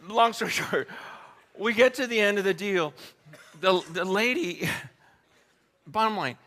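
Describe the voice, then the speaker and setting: A man preaching a humorous sermon story, animated and laughing often, speaking straight to his audience. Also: high-pitched. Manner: addresses the audience directly.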